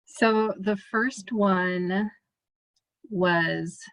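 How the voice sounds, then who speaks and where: A woman's voice: mid-range voice, extremely slow, no echo. Chatty Midwestern woman giving a talk. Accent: Midwestern American. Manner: relaxed, chatty, many fillers and restarts. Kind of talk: casual presentation.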